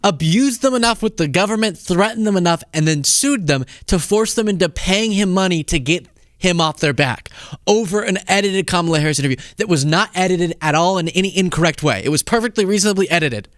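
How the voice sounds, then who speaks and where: A man hosts a solo political commentary show, sounding animated, incredulous and sarcastic at a fairly quick pace. His voice is a bit high, recorded dry and close with no room echo.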